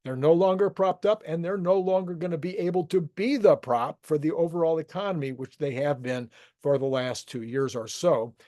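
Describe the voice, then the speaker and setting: This host's voice is a little high and warm, moving at a moderate pace. Alone on his economic commentary show, he talks markets through casually, often restarting his thoughts, in a dry and clean studio recording.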